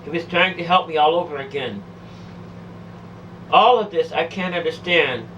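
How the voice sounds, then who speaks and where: A woman's voice: deep voice, normal speed, a bit bright, recorded from a distance, lo-fi sound, a little hiss or hum. A woman telling a first-person testimony of a near-death experience, pleading, emotional and repetitive.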